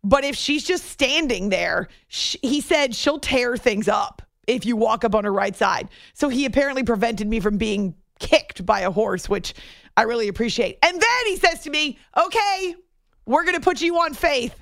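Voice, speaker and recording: A woman radio host telling a story in a chatty, animated way, laughing easily. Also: fairly high pitch, moderate pace, gravelly, dry recording, studio quality. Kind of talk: casual storytelling on a radio show.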